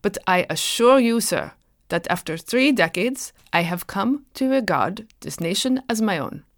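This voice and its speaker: A man's voice: sits high, animated, unhurried, fairly bright tone, dry recording, studio quality, exaggerated voice. A woman playing an elderly, dignified German clergyman with a German accent, speaking formally.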